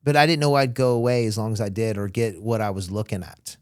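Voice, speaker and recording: A young Florida man with a fairly low, smooth voice talks quickly as a guest on an interview show, casually recounting his days as a smuggler. He's animated and acts out what other people said. The recording is dry and studio quality.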